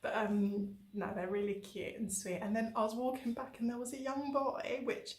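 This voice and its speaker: A woman from England chats casually in a travel diary vlog, telling animated stories with lots of fillers. Her voice is a little high at normal speed, in an echoey room.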